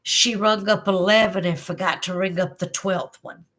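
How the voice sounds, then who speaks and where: A woman's voice: medium pitch, fairly even intonation, normal speed, fairly bright tone. A woman with a Southern accent hosting a live stream, reading chat aloud in a chatty, folksy way and laughing often. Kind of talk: casual chat. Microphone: phone.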